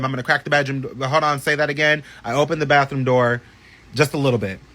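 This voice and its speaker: Animated, bright-voiced man telling a story. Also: fairly high pitch. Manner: animated, profane, chatty storytelling with many asides. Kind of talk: casual storytime vlog.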